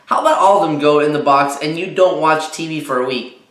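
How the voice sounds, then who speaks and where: A man's voice: a little high, fairly quick, a bit bright, lightly acted. A man voicing an exasperated mother who scolds and bargains with her son, read aloud in a roomy space. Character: exasperated mother sorting her son's toys. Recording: roomy echo.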